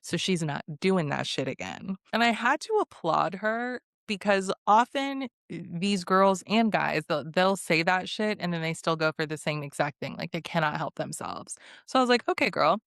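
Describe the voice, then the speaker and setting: Young woman host, casual sarcastic recap, frequent laughs, lowish voice, dry mic. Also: animated, normal speed, gravelly, few pauses, fairly bright tone, no room sound. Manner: chatty and sarcastic, laughs often. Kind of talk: casual reality TV recap vlog.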